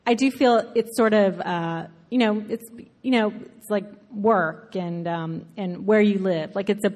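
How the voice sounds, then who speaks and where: A woman's voice: medium pitch, measured pace, a little mellow. Chatty woman author in an echoey hall. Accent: faint Southern American. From Alabama, US Southern. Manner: chatty, frequent fillers and self-interruptions, laughs often. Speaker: author being interviewed. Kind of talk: conversational interview, thoughtful. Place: live event before an audience. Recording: reverberant hall.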